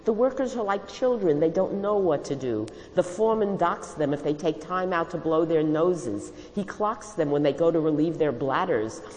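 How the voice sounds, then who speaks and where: A woman voicing a fervent, tearful old male communist mentor who lectures and shouts in a storybook reading. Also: sits low, animated, normal speed, hardly any pauses, in a large hall, pitched above the performer's own voice, poor audio. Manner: shouting, preachy, sweeping speech.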